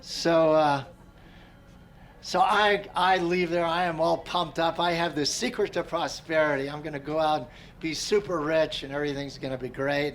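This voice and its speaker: A middle-aged man teaching a meditation class, telling a personal story in a relaxed, conversational way and often clearing his throat. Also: fairly high pitch, moderate pace, a little hiss or hum. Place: large tent at an outdoor gathering.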